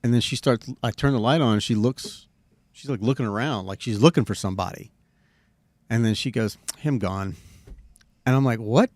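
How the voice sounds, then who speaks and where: A man's voice: medium pitch, fairly quick, darkish tone, dry recording. A middle-aged man hosting a podcast, telling a long story in a rambling, casual way full of fillers and the odd swear. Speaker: podcast host.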